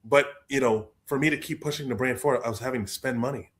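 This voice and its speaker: A young adult man, a guest author telling stories in a lively way, acting out the people he quotes. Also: medium pitch, fast talker. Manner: expressive, acts out quoted voices, repeats words. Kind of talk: animated storytelling in conversation.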